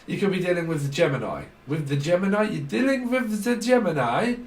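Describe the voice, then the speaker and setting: A man's voice: high voice, animated, fairly quick. A man giving a casual channelled tarot reading. He rambles through loose word association, laughs often, and trails off into restarts. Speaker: tarot reader. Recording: roomy echo, mic at a distance.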